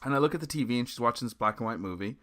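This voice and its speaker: A man's voice: mid-range voice, lively intonation, very fast, fairly bright tone. A man, a musician guest, telling a story with lots of energy, acting out the people in it and breaking into shrieks and laughter. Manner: acts out quotes, jumps to shrieks and laughs. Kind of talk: animated storytelling.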